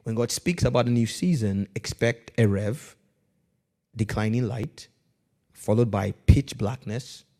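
A medium-pitched pastor preaches a sermon, moving between quiet, measured lines and loud, emphatic ones while calling on the congregation to answer back.

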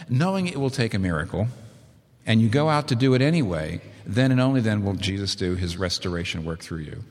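A man preaching a sermon in a lively, conversational way, with asides and fillers. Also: fairly low pitch, in a large hall.

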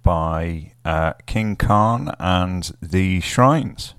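A man's voice: low-pitched, very slow, a bit bright, clear, resonant tone, no room sound, studio quality. A man hosting a casual radio show, joking and rambling, often trailing off mid-sentence.

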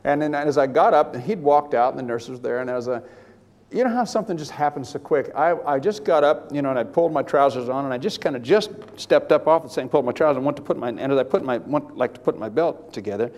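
A man's voice: mid-range voice, fast. Older male preacher in a reverberant hall. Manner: storytelling, animated, rambling with restarts. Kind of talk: sermon testimony.

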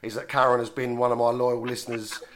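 A man's voice: mid-range voice, little pitch movement, quick pace, fairly bright tone. A man with a Cockney accent hosting a radio show, chatting casually and teasing his caller in a jokey way. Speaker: radio host. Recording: music playing underneath.

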